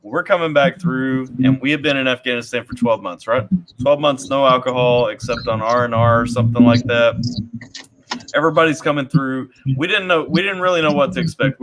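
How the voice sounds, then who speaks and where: A man with a bright, forceful voice spins a loose army anecdote in a casual chat. He circles back and repeats words as he talks, in an easygoing storytelling manner. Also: medium pitch, rough recording. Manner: rambling, repeats words while telling a story. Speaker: army veteran guest telling stories.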